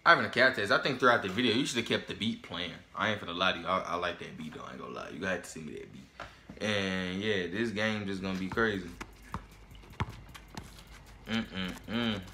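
A man hosting a reaction video, talking casually and trash-talking excitedly, often repeating himself. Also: low voice, moderate pace, gravelly, slight background noise. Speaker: YouTube reaction host.

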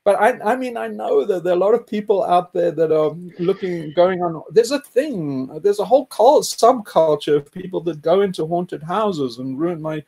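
A man with a somewhat high voice spins a long personal story in loose, casual talk. He rambles and restarts his sentences, and chuckles and swears along the way. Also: expressive, normal speed, vocal fry, hardly any pauses, warm tone.

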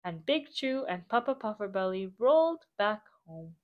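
A woman reading a picture book aloud to children in an animated way, adding sound effects. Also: medium pitch, moderate pace, phone-quality sound. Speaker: storybook reader.

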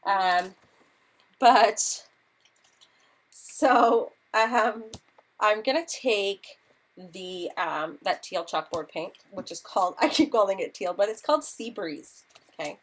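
A chatty woman in her thirties leads a live craft demonstration, talking the viewers through each step as she paints. Her voice sits at an ordinary middle pitch, and her talk is loose and friendly. She apologizes often and sounds a little flustered. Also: slow pace, rough recording.

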